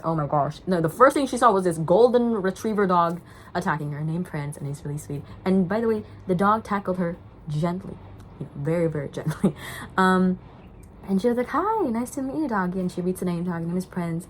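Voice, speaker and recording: A woman's voice: on the low side, fairly quick, a little hiss or hum, rough recording. A young woman chatting casually as she recaps a movie, rambling with lots of fillers. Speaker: vlogger.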